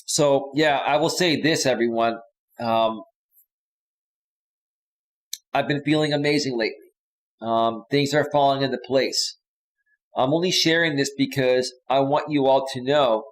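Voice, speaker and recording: Male live-stream host, casual and chatty, talks straight to his viewers at a middle pitch. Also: poor audio. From San Francisco Bay Area. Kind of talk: casual live stream chat reading comments.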